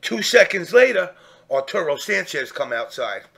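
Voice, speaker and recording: A man telling a profane, animated story in casual chat, acting out the people he quotes. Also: high-pitched, normal speed, vocal fry, a loud crowd.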